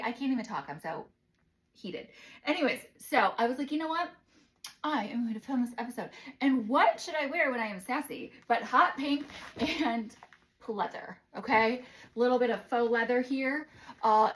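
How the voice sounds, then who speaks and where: A young woman vlogger from the United States talks in a sassy, animated way. Her voice sits a little high for a woman. Now and then she drops into a whisper for an aside. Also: rough recording. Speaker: vlogger doing product try-ons. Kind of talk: casual chatty vlog.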